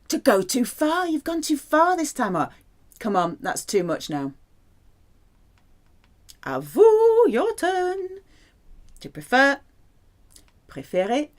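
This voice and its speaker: A woman teaching a French lesson, explaining playfully and slowly repeating words for practice. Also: lowish voice. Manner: lively, playful explaining with slow drilled repetitions. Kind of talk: language lesson.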